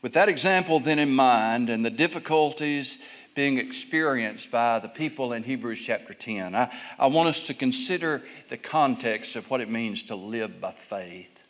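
A male pastor preaching a sermon, telling Bible stories and acting out the people in them with big swings in pitch and volume. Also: expressive, moderate pace, a bit bright.

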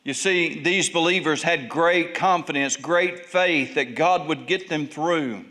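A male pastor preaching a sermon, telling Bible stories and acting out the people in them with big swings in pitch and volume. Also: measured pace, sharp tone.

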